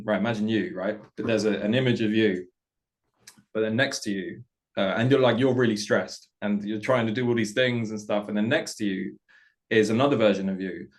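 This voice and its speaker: A man who plays in a metal band, chatting as an interview guest in a laid-back, storytelling way and chuckling often. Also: fairly low pitch. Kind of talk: casual interview chat.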